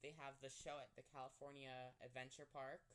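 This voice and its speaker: A young man hosts a relaxed podcast conversation at an ordinary, middling pitch. He rambles happily, giggles often and fills his sentences with "like" and "um". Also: a little fast, clear, resonant tone. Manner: chatty, giggly, lots of fillers like "like" and "um". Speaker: podcast host. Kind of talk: casual chat.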